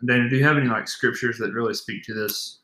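A man's voice: mid-range voice, steady tone, fast talker, bright, forceful tone. A young man co-hosting a faith podcast, speaking earnestly and emphatically. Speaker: podcast co-host. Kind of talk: casual faith podcast talk. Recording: echoey room.

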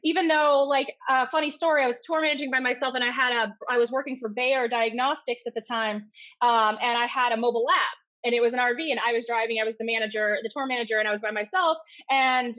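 A middle-aged community activist joins a video call as a guest, telling stories casually, quickly, and with lots of energy. She acts out voices in her anecdotes and speaks in a slightly high voice with an accent mixing Southern US and Michigan. The call audio has its highs cut off.

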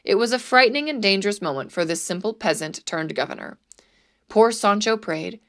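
Woman reading a storybook, mid-pitched. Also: lively intonation, a little fast, a bit bright. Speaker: narrator. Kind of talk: storybook narration.

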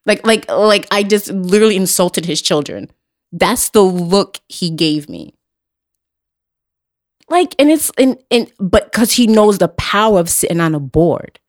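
A young adult woman speaks as a podcast host in an unscripted, blunt way, hammering home her points with repetition and casual profanity. Her voice sits at an ordinary middle pitch, and her delivery stays conversational. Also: expressive, unhurried. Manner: blunt, emphatic, profane, repeats herself. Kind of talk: casual chat.

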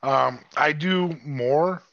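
Gravelly man on a dull, dry line. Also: on the high side, drawn-out words, a bit bright, no room sound. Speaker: podcast co-host. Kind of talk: casual podcast chat.

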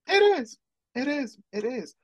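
A man's voice: very high voice, big pitch swings, unhurried, fairly bright tone, dry recording. A man co-hosting a podcast, recapping a TV episode in casual chat. He rambles and corrects himself, and slips into playful quoted asides. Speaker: podcast co-host.

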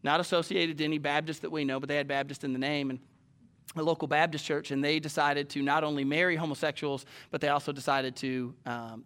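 A man preaching a sermon to a live congregation, animated and jumping up to loud exclamations and acted-out quotes. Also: mid-range voice. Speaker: pastor. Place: church sanctuary with a live congregation.

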